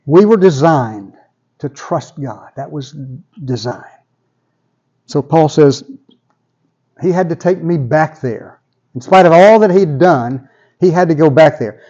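A man's voice: on the high side, animated, a little slow, pauses often, dark tone, slightly rough, dull audio. A man preaching a sermon in a conversational way, often repeating words as he builds toward a point. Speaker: pastor.

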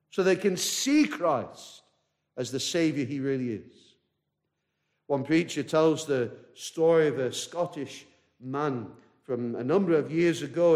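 Male pastor, high voice, earnest sermon delivery with repeated phrases. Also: darkish tone. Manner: earnest, repetitive preaching, addresses listener directly.

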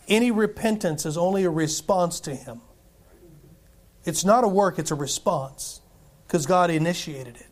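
A male preacher reading scripture aloud and preaching a sermon emphatically, repeating himself and putting questions to the congregation. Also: sits high.

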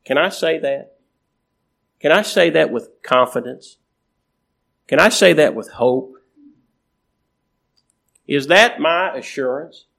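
A man preaching a sermon in a slow, repetitive cadence, with emphatic rises and phrase endings that trail off quietly. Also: fairly high pitch, expressive, gravelly.

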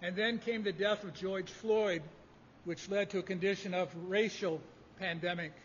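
A man preaching a sermon, measured and emphatic in delivery. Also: sits high, steady tone, slight background noise. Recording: dull lo-fi audio in a reverberant hall.

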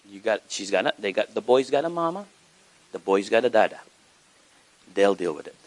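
A man preaching a sermon as pastor, animated, with wide swings in pitch for emphasis. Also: normal speed, pauses often.

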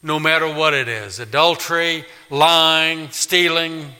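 A male pastor preaching a sermon in a church, emphatic, swinging from loud declaring to quiet pleading. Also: on the high side, fairly even intonation, slow pace, clear, resonant tone. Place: church sanctuary. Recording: long reverb of a large hall.

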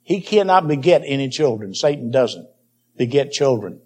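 A man's voice: medium pitch, expressive, normal speed, a little mellow, husky. A man preaching a Bible teaching sermon, emphatic and repeating key phrases for stress.

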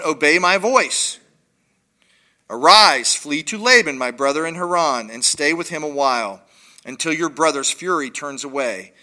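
A man voicing an anxious, scheming mother from a scripture reading, speaking low, urgent and subdued. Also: pushed and bright.

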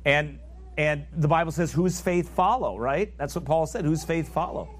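His voice fairly high, a man gives a fervent sermon at normal speed, reading scripture in old biblical phrasing and explaining it, with loud emphatic highs and low, quiet asides.

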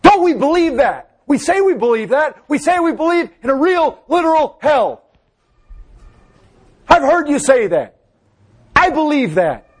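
A man preaching a fervent sermon, swinging between loud exhortation and low, hushed passages. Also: sing-song, unhurried, long pauses.

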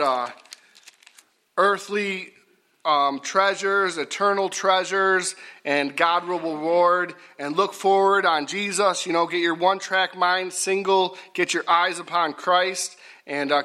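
A middle-aged man preaching a folksy sermon, repetitive and rising to loud emphatic bursts. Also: sits high.

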